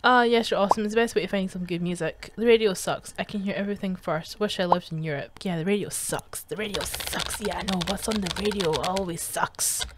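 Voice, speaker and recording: A woman's voice: medium pitch, fast, few pauses, background noise. A young woman giving casual gaming commentary as she reads chat messages aloud, swearing and laughing often, with a sarcastic edge. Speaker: gaming streamer.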